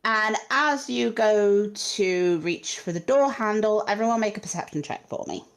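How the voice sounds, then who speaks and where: A woman narrating as game master on a video call, slow and hesitant with many pauses and ums. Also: medium pitch, animated. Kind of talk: narrating a tabletop game online.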